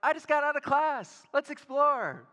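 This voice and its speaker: A man's voice: very high-pitched, expressive, a little slow, pushed and bright, long reverb tail, dull audio, voice pushed up, heavily acted. A man putting on the voice of his wife as a young woman full of wonder, gasping in awe. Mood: awestruck. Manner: breathless gasps of awe.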